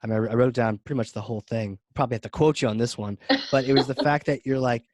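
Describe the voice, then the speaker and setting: A man hosting a podcast interview, talking casually and enthusiastically in quick bursts. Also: mid-range voice, steady tone, a little mellow, dry recording. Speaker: podcast host.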